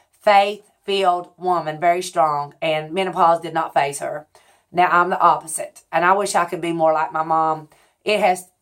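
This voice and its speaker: A woman in her forties talking casually to her viewers at home, in a rambling, confessional way that keeps correcting itself. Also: fairly low pitch. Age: 40s. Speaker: vlogger. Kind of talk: casual chat.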